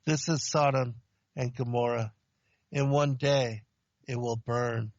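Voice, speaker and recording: A man's voice: medium pitch, fairly even intonation, no room sound, highs cut off, pitched below the performer's own voice, lightly acted. A man voicing a stern male angel of God who gives solemn, commanding warnings. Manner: solemn, slow, commanding pronouncements.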